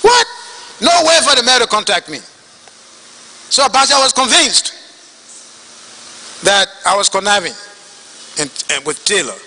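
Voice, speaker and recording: Man, Liberian English accent, testimony, very high voice, sharp bright tone, long hall reverb. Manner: animated, acts out quoted dialogue. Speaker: witness testifying at a hearing. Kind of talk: storytelling testimony.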